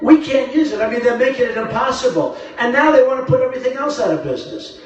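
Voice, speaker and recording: A political candidate gives a rambling, boastful rally speech, repeating himself, in a very high voice that is fast with lively intonation. It is heard through a phone livestream from the crowd, so the lo-fi sound carries the heavy echo of a large arena from far off.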